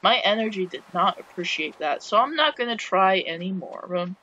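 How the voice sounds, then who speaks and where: A woman's voice: medium pitch, animated, moderate pace, bright, forceful tone. A woman giving casual let's-play commentary, chatty and wry, with joking asides as she plays. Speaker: game player. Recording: dull lo-fi with faint hiss.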